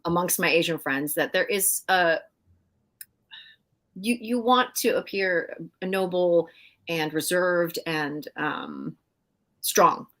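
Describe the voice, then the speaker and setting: A middle-aged woman, a guest in a casual interview, telling animated stories with frequent laughs and fillers. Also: on the low side. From Canada. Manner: animated storyteller, laughs often, many fillers. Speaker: guest actress.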